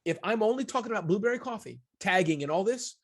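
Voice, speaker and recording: A man being interviewed as an entrepreneur, talking in an animated way, often addressing the host by name and acting out little scenes. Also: high voice, fast talker. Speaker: guest entrepreneur. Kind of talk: conversational summit interview.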